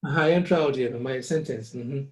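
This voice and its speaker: Here the Ghanaian-accented teacher is brisk, his voice medium in pitch. In an echoey room, his music lesson mixes Twi and English, and he patiently goes over words syllable by syllable.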